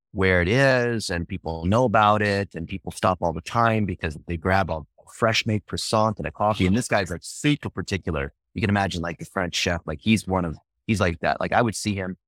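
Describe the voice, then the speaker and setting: A man speaking as a podcast guest, telling marketing stories in an animated, emphatic way. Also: deep voice, no echo. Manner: animated, emphatic, jumps into acted quotes. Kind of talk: casual interview storytelling.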